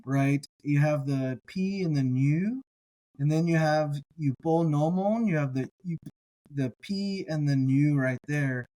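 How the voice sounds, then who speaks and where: A man's voice: fairly high pitch, a little slow, warm tone. A man co-hosting a podcast, reading an ancient text aloud and lingering on how its sounds echo each other. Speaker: co-host biblical scholar. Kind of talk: reading and explaining Greek pronunciation.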